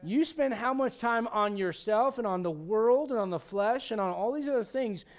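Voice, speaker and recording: A male pastor preaching a sermon, animated and conversational, with frequent restarts. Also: high-pitched, normal speed.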